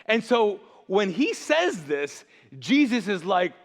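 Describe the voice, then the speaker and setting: A pastor preaching a sermon in a church, animated and jokey, often asking the audience to fill in words. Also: male voice, high-pitched, takes it slowly. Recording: long church reverb.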